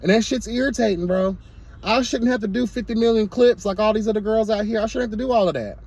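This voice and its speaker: Fast and husky, with a high but slightly mellow voice, a man rants candidly to the camera in his vlog. His commentary is sassy and emphatic, peppered again and again with "girl" and "hello, God."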